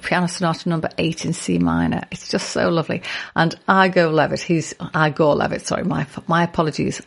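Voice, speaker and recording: Man, Liverpool accent, radio host, gravelly voice, a bit high, chatty and jokey, trips over names. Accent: Liverpool (Scouse). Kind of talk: casual radio music presenting.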